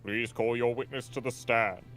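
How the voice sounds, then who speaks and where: A man's voice: mid-range voice, fairly even intonation, moderate pace, a bit bright, natural voice. A man voicing a fussy elderly male judge in a video game read-along, speaking with mild, dithering courtroom formality.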